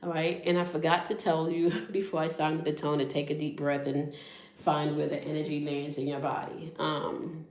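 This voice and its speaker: A woman's voice: low-pitched, little pitch movement, normal speed, darkish tone. A woman hosting a spiritual tarot reading, talking straight to her viewers and checking in often with "all right?" and "okay?". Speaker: tarot reader and channel host. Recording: echoey room.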